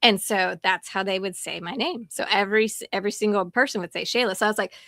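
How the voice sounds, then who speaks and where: A woman hosting a show, chatting casually with quick asides and easy laughter. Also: medium pitch, a bit bright, no echo. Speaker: host. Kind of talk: casual chat.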